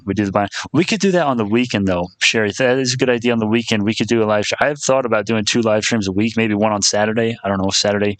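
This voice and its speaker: A man's voice: fairly low pitch, fairly bright tone, no echo. A young man chatting casually on a live stream about stocks, rambling, restarting his phrases and calling viewers "my friend".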